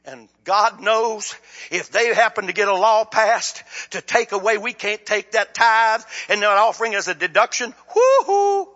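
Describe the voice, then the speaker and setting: A man preaching a sermon, swinging from shouted appeals to low, quiet asides. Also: fairly even intonation, normal speed, lo-fi sound. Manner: impassioned, rises to shouts then drops low.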